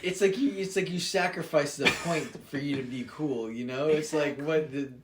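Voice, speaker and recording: A young man with a fairly high voice rambles through a casual podcast, piling up fillers and swearing. Steady noise sits clearly behind him on the recording. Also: normal speed. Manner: rambling, filler-heavy, profane. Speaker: podcast co-host. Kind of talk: casual chat.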